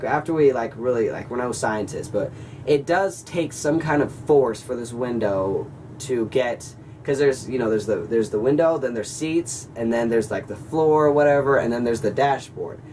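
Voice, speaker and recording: A man's voice: mid-range voice, darkish tone, far from the mic, slight background noise. A young man in his late teens telling a story in a casual vlog, rambling with lots of fillers and self-corrections. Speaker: vlogger.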